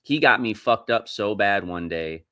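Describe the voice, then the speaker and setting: A man's voice: fairly low pitch, animated, measured pace, pushed and bright, clear, resonant tone, no room sound. A man on a podcast, rambling through profane, restart-filled stories as a Marine veteran in casual chat.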